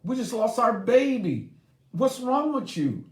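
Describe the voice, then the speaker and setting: A man's voice: very animated, measured pace, exaggerated voice. A man speaking as an upset, tearful woman who pleads to be heard instead of fixed. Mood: desperate. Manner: pleading, emotional high-pitched delivery. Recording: roomy echoey room.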